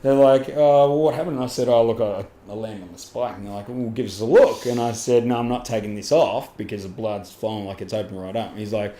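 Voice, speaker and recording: A man's voice: on the low side, steady tone, fast talker, few pauses, warm tone. A man with an Australian accent, a podcast guest telling a story casually, laughing often and swearing in Aussie slang. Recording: echoey room with faint ambient noise.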